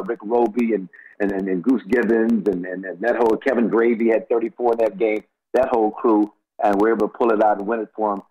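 A man's voice: on the low side, a little mellow, breathy edge. A man in his sixties from Los Angeles, a former college basketball player, telling stories as a radio guest, rambling with many repeated words and restarts. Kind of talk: casual radio interview storytelling. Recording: dull lo-fi radio audio.

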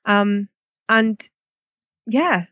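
A woman's voice: mid-range voice, drawn-out words, fairly bright tone, no echo. Giggly Scottish woman, slightly dull sound. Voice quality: chatty, giggly storytelling. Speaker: guest, yarn dyer. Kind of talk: casual interview chat.

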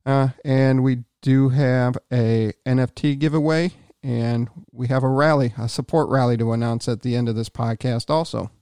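A man's voice: mid-range voice, steady tone, moderate pace, hardly any pauses, dark tone, clear, resonant tone, dry recording, clean studio sound. A man hosting a casual podcast chat, rambling a little with restarts and fillers. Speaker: podcast host.

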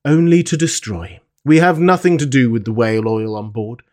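A man reading the part of a stern, principled sea captain in an audiobook, firm and measured as he reproves. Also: mid-range voice, darkish tone, close to an everyday voice. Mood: dismissive.

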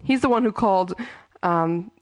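A woman's voice: mid-range voice, normal speed, no echo. A woman co-hosting a fan podcast, chatting eagerly and gushing about news. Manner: enthusiastic, gushing. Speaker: podcast co-host. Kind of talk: casual chat.

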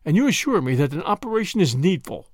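A cool, clinical surgeon, as the narrator reads him, weighing a case in a storybook reading. His speech is measured and detached, with a lively pitch line and a dry, close sound. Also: no echo. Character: cool, clinical middle-aged male surgeon.

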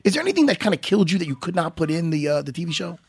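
Stammering, excitable male co-host. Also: a little high, very fast, creaky, slightly rough, no echo, clean studio sound. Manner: stammering, effusive, repeats words. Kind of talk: excited casual chat.

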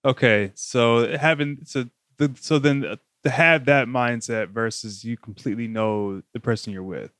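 A man's voice: mid-range voice, moderate pace, few pauses, a bit bright, no room sound, clean studio sound. A man co-hosting a podcast, asking rambling, curious questions. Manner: inquisitive, asks rambling questions. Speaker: podcast co-host. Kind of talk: casual chat.

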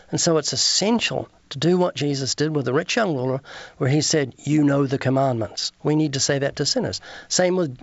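A man's voice: on the high side, creaky, no echo, dull audio. A man, an evangelist guest on a radio interview, preaching earnestly, quoting scripture and acting out street conversations.

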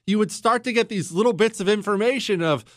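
A man's voice: high-pitched, a little fast, fairly bright tone, no room sound, clean studio sound. A middle-aged man hosting a political talk show, indignant and sarcastic in his commentary. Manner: indignant and sarcastic, voices mock quotes. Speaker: podcast host.

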